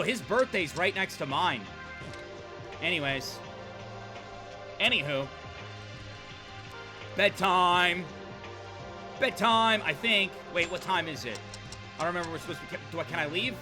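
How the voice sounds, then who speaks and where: A young man streaming a game, riffing excitedly to his chat and swearing freely at a desk mic. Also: on the high side. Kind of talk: gaming livestream commentary.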